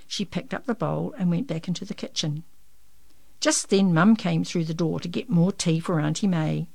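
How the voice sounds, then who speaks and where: A woman reading a children's picture book aloud in an expressive, lively storytelling manner. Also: fairly low pitch, normal speed, vocal fry, no room sound.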